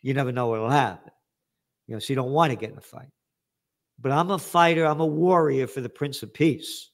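A man's voice: medium pitch, a little fast. A man, a guest author talking in a blunt, emphatic, streetwise way. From United States. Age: 70s. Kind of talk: animated interview talk.

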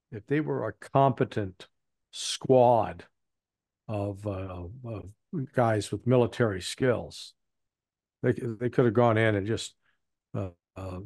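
A man's voice: fairly low pitch, a little mellow, no echo. Blunt male analyst, dry close voice. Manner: rambling, frequent restarts and fillers, blunt. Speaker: interview guest, analyst. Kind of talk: casual spoken commentary.

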